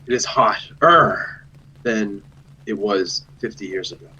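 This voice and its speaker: Man as a pompous mock lecturer, low and measured. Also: pushed and bright, slight background noise, heavily acted, rough recording. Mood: mock solemn. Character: overly earnest man giving a mock speech.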